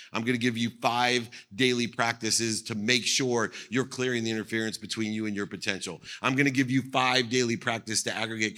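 A man's voice: medium pitch, pushed and bright. Emphatic man giving a motivational keynote. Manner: emphatic, repeats phrases for effect. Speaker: motivational speaker. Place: on stage at an event.

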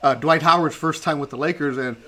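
A man, a former pro athlete, telling blunt, lively locker-room stories in casual chat. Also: fairly high pitch, brisk. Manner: blunt, animated storyteller with a throat clear.

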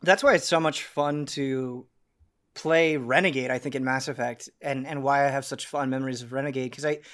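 A man's voice: mid-range voice, steady tone, moderate pace, a bit bright. A man hosting a casual podcast chat, musing at length with many fillers. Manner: thoughtful, filler-heavy musing. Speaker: podcast host.

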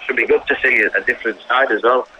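A man with a southern English accent calling into a podcast, relaxed and hesitant with lots of fillers. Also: mid-range voice, racing, crowd noise, rough recording. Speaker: caller. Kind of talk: casual chat.

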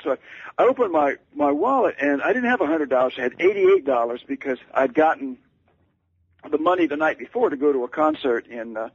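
A man, an author guest on the radio, telling a long anecdote in a halting, stammering, self-deprecating way. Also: fairly high pitch, very animated, husky, no room sound. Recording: dull lo-fi radio sound.

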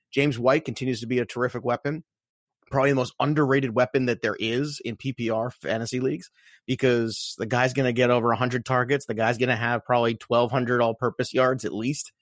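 Male podcast co-host, animated and playful, dry close mic, quick casual delivery. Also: mid-range voice, dry recording. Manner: animated, playful hype with filler words. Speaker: fantasy football podcast co-host. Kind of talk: casual chat.

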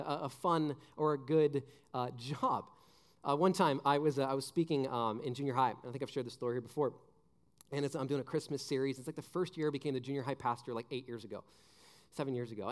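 A young man, a junior high pastor, giving a joking youth sermon full of stories, restarts and "like". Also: long reverb tail. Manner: animated, joking, many restarts and "like".

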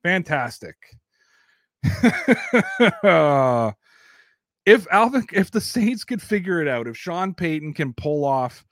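Canadian male sports host, young adult, blunt and profane, slightly high voice. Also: no room sound, studio quality. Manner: blunt and profane, rambling opinions. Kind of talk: casual sports talk.

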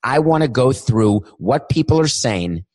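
A man's voice: mid-range voice, animated, unhurried, darkish tone. A man hosting his own podcast, talking solo in a worked-up, emphatic way and stretching words for emphasis. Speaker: podcast host. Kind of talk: energetic solo podcast monologue.

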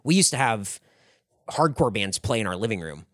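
A man's voice: on the low side, normal speed, no room sound, studio quality. A man in his thirties co-hosting a podcast, telling stories in a rambling, casual way full of "like". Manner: rambling, lots of "like", animated retelling with laughs. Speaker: podcast co-host. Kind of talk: casual storytelling chat.

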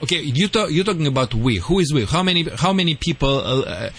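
A man's voice: on the high side, animated, fast talker, a bit bright, slightly rough. A man with a Russian accent, a dog trainer co-hosting a radio talk show, playful and lecturing in broken English. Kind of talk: casual radio chat.

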